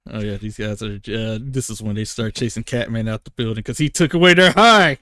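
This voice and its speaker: A man's voice: on the low side, a little fast, sharp tone, no room sound, clean studio sound. A man narrating as game master in a loose, joking way.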